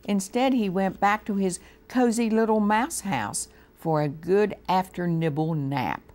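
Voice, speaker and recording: A woman with an American accent reading a storybook aloud to children on a TV show, slow and gently expressive. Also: deep voice, vocal fry. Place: TV studio.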